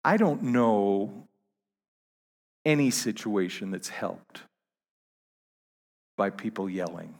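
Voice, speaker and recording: A man preaching a sermon to his congregation, halting and repeating words, rising to emphatic peaks. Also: fairly low pitch, expressive, gravelly, darkish tone, big-room sound. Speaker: pastor.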